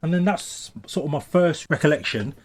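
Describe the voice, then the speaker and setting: A man being interviewed for a documentary, recounting a memory hesitantly with many "um"s and growing animated as he talks. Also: a little high, normal speed.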